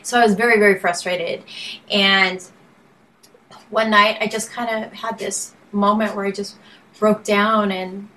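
A woman's voice: medium pitch, flat delivery, unhurried, bright, forceful tone, a little hiss or hum, low-quality recording. A woman singer-songwriter and benefit auctioneer talking casually as an interview guest, rambling, restarting sentences and laughing often.

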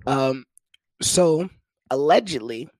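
Casting: young man, stand-up storyteller, lively swooping pitch, dry close sound, crude and animated. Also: takes it slowly, no echo. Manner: profane, animated, jumps into high-pitched voices for quoted people. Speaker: comedian telling a story. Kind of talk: casual storytelling monologue.

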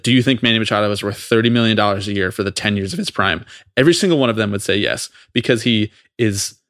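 Low-ish voiced guy going off on a podcast, swearing a lot, super dry close mic. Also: dry recording. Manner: fast, profane, exasperated ranting. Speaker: podcast co-host. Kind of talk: heated casual podcast rant.

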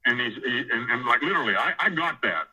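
A man's voice: medium pitch, expressive, fast, pushed and bright, breathy edge, poor audio. A man in prison telling a rambling, profane story about taking over church services, often acting out what others said. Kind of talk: casual storytelling interview.

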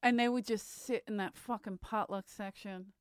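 A woman's voice: medium pitch, fairly even intonation, normal speed, dry recording, studio quality. A woman from Pennsylvania co-hosting a podcast, chatting casually and playfully, laughing often. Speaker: podcast co-host.

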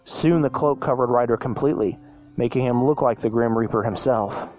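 A man's voice: medium pitch, brisk, a little mellow. A man reading a fan story aloud in a plain voice, sometimes stumbling and restarting.

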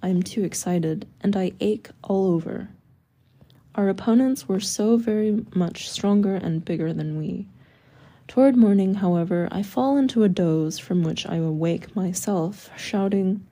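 A woman reads a memoir aloud as audiobook narration. Her tone is very dark and mellow, at a middling pitch. The reading stays measured and even, with quoted lines only lightly acted.

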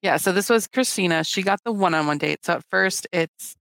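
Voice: medium pitch, steady tone, moderate pace, creaky, fairly bright tone, dry recording. A podcast host in casual recap chat, explaining and prompting the other speakers.

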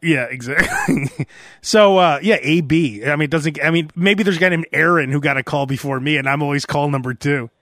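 A high-pitched man with a bright, forceful voice hosts a casual podcast chat. He tells animated stories, acting out both sides of phone calls and sometimes breaking into loud shouts. The recording is dry and close. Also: moderate pace, dry recording. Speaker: podcast host.

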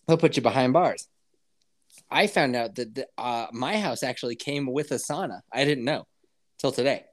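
A man's voice: mid-range voice, moderate pace. A young man hosting a podcast, chatting casually with crude jokes and frequent laughs. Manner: crude joking, laughs often. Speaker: podcast host.

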